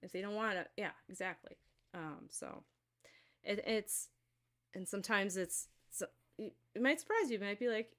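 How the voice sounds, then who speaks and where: A woman talks to her viewers during a live card-reading stream. Her delivery is loose and rambling, full of fillers and restarts, at an ordinary middle pitch for a woman. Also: normal speed, a bit bright. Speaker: intuitive card reader hosting a live stream.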